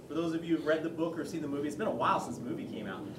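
Animated man preaching in an echoey hall. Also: a little high, racing, noisy background. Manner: conversational, animated retelling with quoted voices. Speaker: pastor. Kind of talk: sermon. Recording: echoey hall, mic far off.

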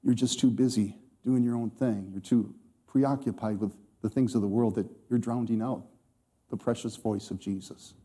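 Mellow-voiced man preaching a sermon. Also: mid-range voice, steady tone, moderate pace. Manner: emphatic, scripture-quoting, addresses congregation directly.

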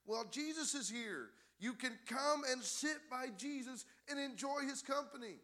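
Brief: male pastor, sermon, bright ringing tone, emphatic. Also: extremely high pitch, expressive, normal speed. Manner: builds to loud, emphatic preaching.

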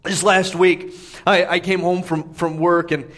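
A man, a pastor, preaching a sermon with emphatic delivery that swings between hushed and raised moments. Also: high-pitched, flat delivery, measured pace.

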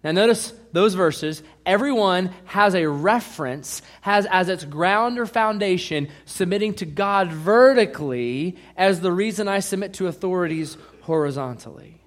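A pastor preaching a sermon, emphatic, asking the congregation questions and reading scripture aloud. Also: male voice, high voice, moderate pace, hardly any pauses.

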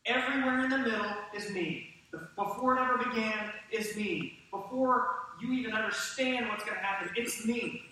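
A man preaching a sermon to his congregation with animated delivery and questions to the room. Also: sits high, moderate pace, far from the mic, slight background noise. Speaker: pastor. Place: church sanctuary. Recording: echoey church hall from off-mic.

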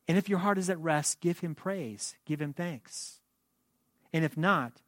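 A man preaching a sermon as pastor, speaking in a measured way that slows into hushed, prayerful reading. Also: fairly high pitch, no echo, clean studio sound.

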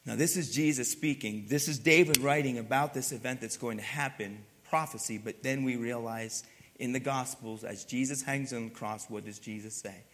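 A male pastor delivers an impassioned sermon in a mid-pitched voice. He swings between forceful, climbing emphasis and quiet, heavy passages. His words trail off into the long reverb of a large hall. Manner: swings from loud emphatic build-ups to hushed, low passages.

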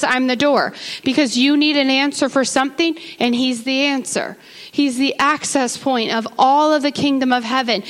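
A woman's voice: sits high, steady tone, normal speed. A woman preaching a sermon in church, moving from conversational asides with the congregation to impassioned calls. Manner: rises to impassioned crying out. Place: church sanctuary.

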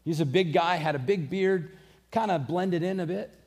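A man's voice: sits high, moderate pace, darkish tone. A man preaching a sermon, earnest and conversational, mixing scripture with personal stories. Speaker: pastor.

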